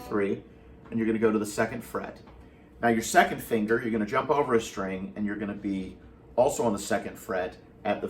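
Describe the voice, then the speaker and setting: A man teaching a guitar lesson, patiently walking through chord shapes step by step and counting beats aloud. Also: on the low side. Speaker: guitar instructor. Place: at home. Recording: distant mic with guitar playing.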